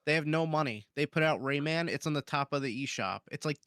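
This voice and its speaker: A man's voice: on the high side, a bit bright, smooth, dry recording, clean studio sound. A man co-hosting a gaming podcast, chatting casually with a sarcastic, laughing manner. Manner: laughing, sarcastic, quick to agree. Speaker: podcast co-host.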